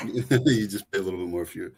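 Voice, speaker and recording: A man co-hosting a casual live-stream travel chat as a travel expert, an animated storyteller who often breaks into laughter. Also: deep voice, normal speed, slightly rough.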